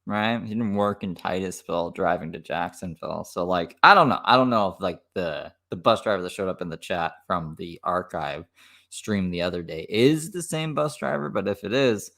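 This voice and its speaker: A man's voice: low-pitched, normal speed, vocal fry, a bit bright. A man with a Minnesota accent giving casual reaction commentary, with wry asides and laughs. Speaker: commentary streamer.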